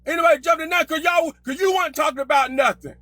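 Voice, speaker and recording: Combative man on a group call, very high and sharp, dry close sound. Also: quick pace, no room sound. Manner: loud, combative, repeats himself. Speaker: participant in an online group call. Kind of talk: heated argument.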